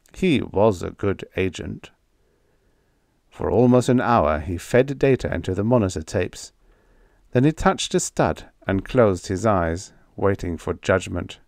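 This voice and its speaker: A man narrates a vintage science fiction story as a calm sleep story, reading slowly and unhurriedly. His low voice moves expressively up and down. The recording is close and dry. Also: creaky, no echo. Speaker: audiobook narrator.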